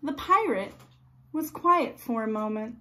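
A preschool teacher reading a storybook aloud to young children in a slow, expressive, sing-song way. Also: female voice, fairly high pitch, rough recording.

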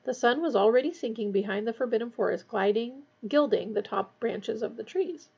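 Woman reading a novel, husky, higher voice, measured, dull lo-fi recording. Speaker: audiobook reader.

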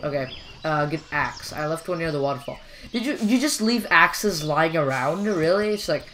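A man's voice: a little high, animated, normal speed, fairly bright tone, a little hiss or hum. Chatty young man rambling over gameplay. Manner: chatty, rambling and jokey, with frequent fillers. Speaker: gameplay commentator. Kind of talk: casual gameplay commentary.

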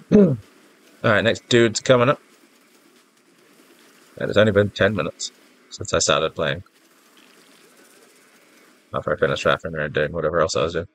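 Low-voiced stuffy gamer man rambling. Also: a little slow, long pauses, fairly bright tone. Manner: rambling, self-mocking, easily flustered. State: congested, stuffy-nosed. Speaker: gaming YouTuber. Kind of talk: casual gameplay commentary. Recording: faint game music behind.

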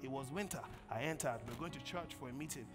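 A man preaching a sermon as pastor, calling on the congregation to answer and swinging from loud bursts to quiet storytelling. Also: mid-range voice, quick pace. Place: large church hall. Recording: long church hall reverb, faint music.

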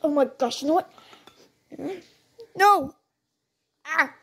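A high-pitched woman voicing a whole cast of toys in playful role-play. She talks in a slow, unhurried rhythm, full of excitable outbursts and shooting noises. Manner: bouncy, excitable, frequent sound effects. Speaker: toy video creator voicing every character.

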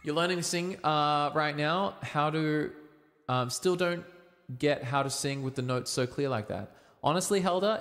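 A young Australian man chatting casually on a livestream, giving relaxed, rambling singing tips with plenty of ums. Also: mid-range voice. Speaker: livestreaming singer and guitarist. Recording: reverby room with guitar behind. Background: guitar playing.

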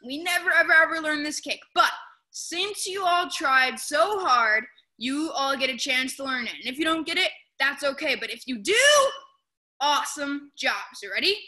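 Animated woman instructor calling drills. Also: high voice, moderate pace. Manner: calls out loud commands and playful shouts. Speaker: martial arts instructor. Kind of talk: leading a children's martial arts class. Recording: roomy echo.

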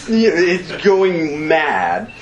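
A man telling a comic war story to a live convention audience, laughing and acting out shouts and sound effects. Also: mid-range voice, big pitch swings, measured pace, a crowd in the background, poor audio. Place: convention stage.

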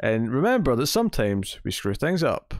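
A man's voice: mid-range voice, sing-song, normal speed. A man hosting a casual comics TV podcast, rambling and correcting himself, often laughing. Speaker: podcast host.

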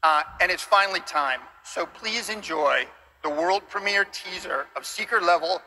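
An earnest man presents his studio's new series from a big event stage, his voice very bright and fairly high. He is openly emotional, a little choked up, with faint hall ambience around him. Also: moderate pace, slight background noise.

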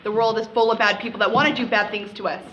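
A woman's voice: mid-range voice, little pitch movement, fast, fairly bright tone, dull audio, slight background noise, natural voice. A student actress playing a bossy, greedy wife who haughtily scolds her husband. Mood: scornful.

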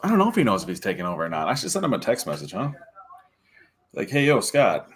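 A man's voice: on the low side, wildly swooping pitch, fast talker, breathy edge. Chatty man laughing through a livestream. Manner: chatty, laughs often, talks to viewers directly. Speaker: livestream guest. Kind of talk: casual livestream chat.

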